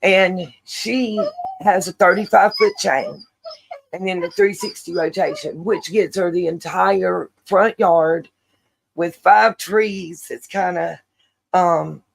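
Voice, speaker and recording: A woman's voice: on the low side, fairly even intonation, takes it slowly, creaky, rough recording. A middle-aged woman, hosting a casual livestream and rambling chattily with many fillers. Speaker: livestream host.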